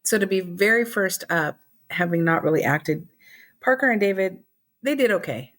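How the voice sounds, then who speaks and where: A woman's voice: medium pitch, expressive, normal speed, fairly bright tone. A woman co-hosting a podcast, leading the discussion in a casual, agreeable way. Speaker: podcast co-host. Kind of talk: casual chat.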